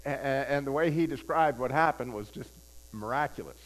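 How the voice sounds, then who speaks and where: Speaking fairly quickly in a medium-pitched voice, an older preacher shares a personal story during his sermon and regularly asks the audience questions. His style is conversational, with key phrases repeated for emphasis, and the audio is poor.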